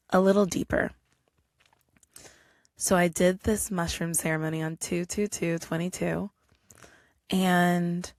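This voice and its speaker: Brief: young woman, solo podcast host, low-pitched and gravelly, chatty storyteller, dry close sound. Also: no echo. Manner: chatty, animated, acts out quotes.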